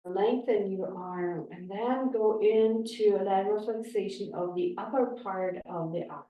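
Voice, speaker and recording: A woman yoga instructor giving slow, calm spoken cues through a class. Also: medium pitch, far from the mic, muffled recording. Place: yoga studio. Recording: echoey room, voice from afar.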